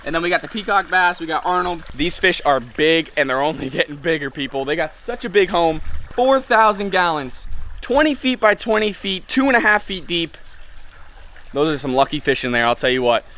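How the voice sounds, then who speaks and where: A man hosting an aquarium fish vlog, hyped and casual, calling his viewers ladies and gentlemen and saying freaking a lot. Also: on the high side. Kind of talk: excited hobby vlog.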